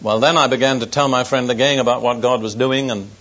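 A man's voice: medium pitch, steady tone, fast talker, a bit bright. An older man, a pastor, preaching to a congregation and telling a personal story with dry humor and earnest warnings. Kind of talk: sermon testimony. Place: church service before an audience. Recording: dull lo-fi recording.

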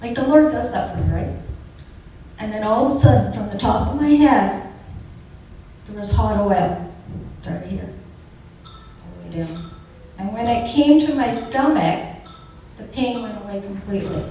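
A woman's voice: medium pitch, animated, unhurried, pauses often, dark tone. An older woman giving an earnest, chatty personal faith testimony with fervent emphasis. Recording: echoey room from a distance, faint noise.

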